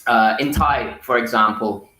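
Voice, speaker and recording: Bright man, explaining in a roomy echo. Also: medium pitch, measured pace. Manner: explanatory, gives examples. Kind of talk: casual explaining chat.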